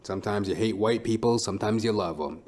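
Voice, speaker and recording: A man's voice: on the low side, fast, darkish tone. A man who is a stand-up comedian, hosting his own podcast in a blunt, profane, rambling monologue.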